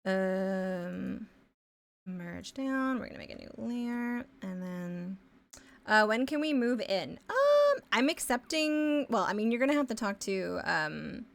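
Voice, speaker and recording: A woman from Ontario, chatting casually as a live streamer while she draws. She thinks aloud with many fillers and often trails off into quiet mumbles. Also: mid-range voice, very animated, takes it slowly, vocal fry. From Canada, Ontario. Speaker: live streamer and pixel artist. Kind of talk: casual chat while drawing.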